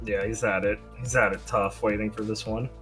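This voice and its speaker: A tired male co-streamer talks frankly and swears freely, joking along as the game plays. His voice is bright and forward, with faint music behind him. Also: on the low side, fairly even intonation, brisk. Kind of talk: casual chat while watching a stream.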